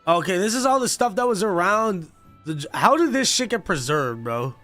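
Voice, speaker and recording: A man's voice: sits high, very animated, moderate pace, sharp tone, soft background music. A young man livestreaming a game, chatting casually and reading game text aloud with offhand reactions, sleepy and yawning. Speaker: gaming streamer.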